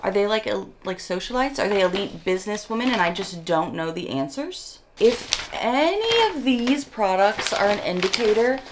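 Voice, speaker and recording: A woman beauty vlogger in a chatty, excitable unboxing, reading product labels aloud, with her morning voice. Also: mid-range voice, normal speed, few pauses, noisy background. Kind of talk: casual unboxing chat.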